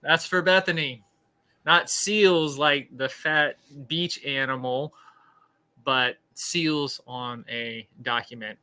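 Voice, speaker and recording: Man, podcast host, slow talker, bright tone, jokey, rambling live-stream chat. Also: mid-range voice, smooth, rough recording. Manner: joking, rambling, laughs at own puns.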